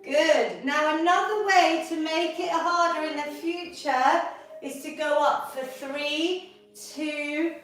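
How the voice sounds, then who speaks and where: A woman's voice: sits high, slow pace, fairly bright tone. A woman leading a live online exercise class, encouraging and upbeat as she coaches. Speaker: fitness instructor. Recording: echoey room from far off.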